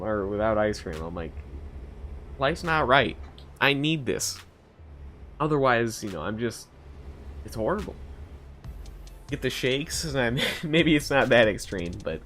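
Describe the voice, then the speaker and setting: Over faint game music, a young man streams a game and rambles through stories, laughing a lot, cursing, and leaping into a high voice whenever he quotes people.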